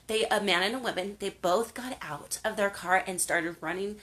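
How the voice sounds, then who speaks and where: A woman's voice: mid-range voice, moderate pace, few pauses, fairly bright tone. An older woman hosting a casual faith and lifestyle talk. She speaks earnestly, telling stories with many fillers and restarts. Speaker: host.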